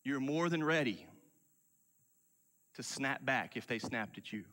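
A man preaching a sermon, emphatic, dropping from loud declarations to hushed asides. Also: medium pitch, lively intonation, measured pace, big-room sound. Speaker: pastor.

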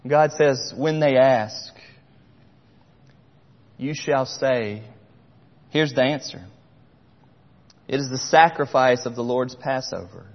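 A middle-aged man preaching a sermon, passionate, swinging between loud and hushed near-whispers. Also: medium pitch, takes it slowly, pauses often. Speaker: pastor. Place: church sanctuary. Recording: dull sound with long hall reverb.

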